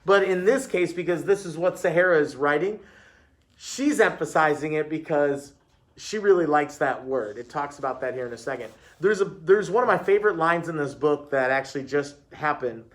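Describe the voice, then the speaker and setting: A man's voice: a little high, moderate pace. A man working as a teacher, reading a book aloud to a class and patiently explaining it.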